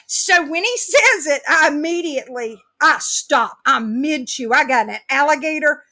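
A woman hosting a casual chat, telling an animated story and laughing through it. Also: sits high, a little slow.

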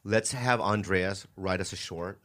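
A man's voice: sits low, a little slow, a bit bright. A man co-hosting a podcast in casual, profane, joking chat, often trailing off mid-sentence. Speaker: podcast co-host.

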